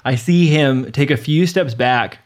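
A man's voice: medium pitch, unhurried. A man in his thirties co-hosting a casual podcast, joking wryly and telling a story. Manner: wry, joking, conversational. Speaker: podcast co-host. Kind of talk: casual chat.

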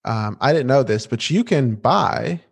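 Animated man recapping a show. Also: medium pitch, a little slow, gravelly, slightly rough. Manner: animated and playful, with restarts. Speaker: podcast co-host. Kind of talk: casual TV episode recap chat.

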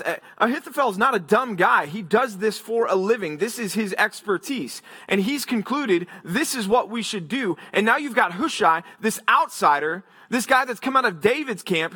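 A man's voice: high-pitched, sharp tone. A male pastor preaching an expository sermon, retelling the text as a story and explaining it in detail, with frequent restarts.

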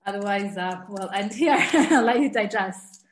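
A woman's voice: mid-range voice, measured pace, echoey room, a little hiss or hum. A woman teaching an online class, chatty and enthusiastic, often laughing and restarting her sentences. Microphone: video call.

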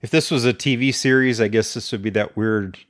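A man's voice: medium pitch, fairly even intonation, brisk, no room sound, studio quality. A man co-hosting a casual book podcast, giving frank opinions with frequent hesitations. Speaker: podcast co-host.

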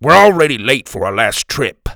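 Man doing a loud blustery pirate goon for a kids' storybook, gravelly and lively. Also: mid-range voice, normal speed, no room sound, clean studio sound, full character voice. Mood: gleeful. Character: gruff loud male pirate crewman, bossy.

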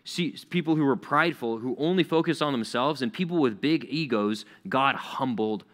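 A man's voice: mid-range voice, moderate pace, fairly bright tone. A male pastor preaching a sermon in a conversational, emphatic way, repeating key words for effect.

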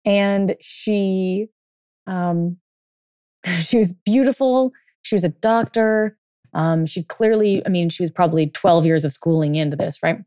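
Blunt, chatty woman coach, low voice. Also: a little slow, warm tone, smooth, dry recording, studio quality. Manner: chatty, many fillers, grows blunt and emphatic, swears. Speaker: dating and life coach. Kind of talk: casual storytelling monologue.

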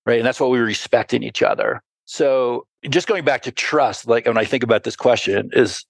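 A man's voice: medium pitch, moderate pace, gravelly, breathy edge, dry recording. A middle-aged man, a mountaineer guest on a podcast, speaking in a thoughtful, reflective way. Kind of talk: casual interview talk.

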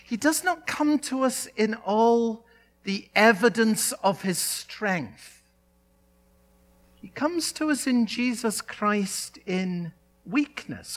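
Slow, emphatic male pastor preaching. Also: sits high. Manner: slow, emphatic preaching with dramatic pauses and repeated phrases. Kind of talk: sermon.

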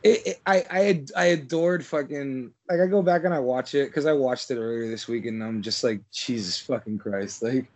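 A man's voice: medium pitch, a little fast, few pauses, a little mellow. A man co-hosting a movie podcast, talking in a rambling casual way, packed with "like" and frequent swearing. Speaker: podcast co-host.

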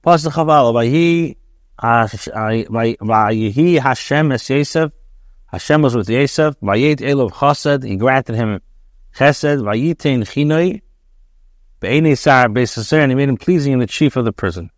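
Rabbi reading and translating scripture, dry. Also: male voice, medium pitch, dry recording. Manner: reads Hebrew then translates with pauses and restarts. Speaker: rabbi teaching Torah.

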